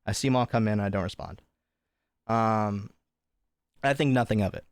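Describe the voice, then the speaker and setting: A man's voice: on the low side, normal speed, clear, resonant tone, no echo, clean studio sound. A young man livestreaming to his chat, casually telling a long story with lots of fillers and swearing. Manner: chatty, swearing, animated retelling with many fillers. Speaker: livestream host.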